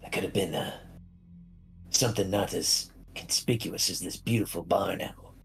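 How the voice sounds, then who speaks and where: A man's voice: deep voice, moderate pace, full character voice, poor audio. A man voicing a sly male imp, a devil's servant who speaks with slick politeness. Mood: rueful. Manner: smooth, slyly polite.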